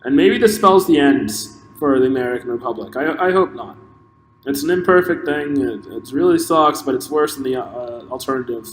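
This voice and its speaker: A man's voice: medium pitch, lively intonation. Impassioned man in an echoey room. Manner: impassioned, halting with restarts. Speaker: podcast host. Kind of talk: solo opinion monologue. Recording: echoey room with long reverb and faint noise.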